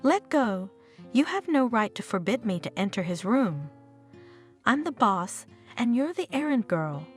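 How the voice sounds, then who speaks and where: A woman reading the lines of a furious betrayed wife, indignant and shouting in outbursts. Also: on the high side, big pitch swings, unhurried, faint music behind.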